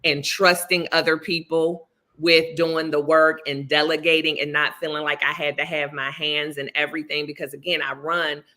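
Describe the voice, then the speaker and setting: An earnest woman author and life coach talks on a livestream, sounding motivational and emphatic. Her voice sits low but has a bright, forceful edge. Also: flat delivery, normal speed, hardly any pauses. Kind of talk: livestream conversation.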